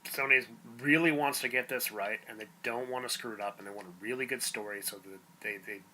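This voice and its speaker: A man's voice: mid-range voice, fairly quick, a little hiss or hum, poor audio. A man co-hosting a podcast, skeptically arguing his points in casual chat. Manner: skeptical, argues his point with animated swings. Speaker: podcast co-host.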